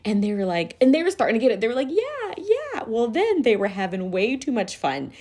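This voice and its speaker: Lively woman telling funny stories. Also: quick pace. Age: 30s. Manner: animated, laughs often, raises pitch to quote kids. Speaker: podcast host and school teacher. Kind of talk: casual storytelling chat.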